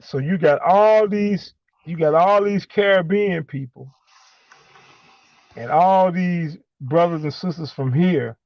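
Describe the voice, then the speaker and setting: A man calling in and speaking emphatically in a preachy way, halting with many fillers between points. The audio is a dull, lo-fi call line. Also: high voice, no echo. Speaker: caller. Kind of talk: impassioned call-in monologue.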